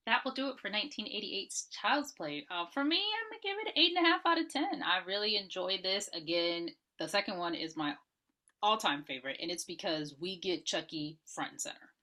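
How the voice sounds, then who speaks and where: A woman co-hosting a podcast, relaxed as she recaps and rates a horror movie in casual talk. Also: medium pitch, brisk. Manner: relaxed, gives ratings and recommendations. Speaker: podcast co-host.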